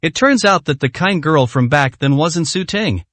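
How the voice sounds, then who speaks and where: A man reads a dramatic story aloud in a scripted narration, voicing every part himself. His voice sits a little high and moves about a lot in pitch. The sound is dry and close, with no room echo. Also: lively intonation, moderate pace, fairly bright tone.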